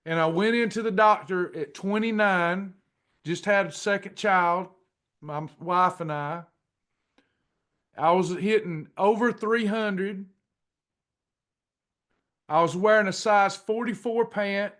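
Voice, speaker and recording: Guy, middle-aged, highish voice, drawling through his story, folksy. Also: fairly bright tone. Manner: drawn-out storytelling, folksy, acts out dialogue. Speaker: pastor and weight-loss class leader. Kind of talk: testimony to a class.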